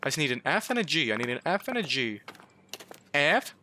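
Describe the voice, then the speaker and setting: A man's voice: on the high side, very animated, a little fast, pushed and bright, slight background noise. A man giving comic let's-play commentary, pleading with his car and joking, breaking into yelps and swearing. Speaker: gaming YouTuber.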